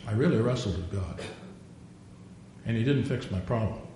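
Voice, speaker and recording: A man's voice: normal speed, warm tone. An older man preaching a sermon, a digressive storyteller who acts out the quotes he tells. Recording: very echoey room, faint rumble.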